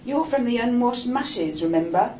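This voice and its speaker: A woman's voice: on the high side, expressive, normal speed, warm tone, a little hiss or hum, voice pushed up, close to an everyday voice. A woman doing a cheeky man, streetwise. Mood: mocking. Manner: cheeky, coaxing, slangy. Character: streetwise older gay man, wry and bossy. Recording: roomy echo, distant mic.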